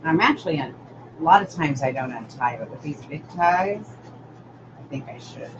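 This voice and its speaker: A woman's voice: deep voice, moderate pace. An older woman hosting a live-stream craft tutorial, rambling chattily and greeting viewers by name as she works. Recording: dull lo-fi audio with steady noise.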